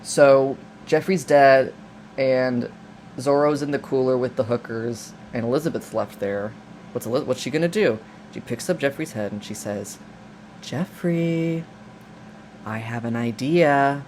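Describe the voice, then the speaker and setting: A man's voice: medium pitch, moderate pace, darkish tone, slight background noise. A man recapping a film in a casual, rambling, jokey way, full of restarts and asides. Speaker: video essayist.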